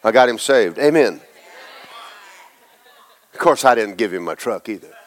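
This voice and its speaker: A man preaching a folksy, animated sermon, jumping between shouts and hushed asides. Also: lowish voice, moderate pace, some chatter behind. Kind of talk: lively sermon with acted quotes.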